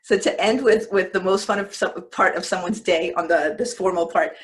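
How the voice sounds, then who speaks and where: A woman's voice: lowish voice, normal speed. A woman coach giving a live webinar from her desk over a computer mic, talking in a conversational way and often breaking off to restart a word. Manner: conversational, breaks off and restarts words, acts out example lines. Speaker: leadership coach presenting a webinar. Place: at a desk, home or office.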